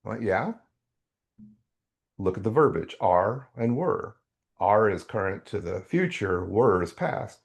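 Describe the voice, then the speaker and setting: An older man appears as a podcast guest to share his faith testimony, an animated storyteller whose voice leaps up when he gets excited. His voice is lowish and creaky, and he takes his time.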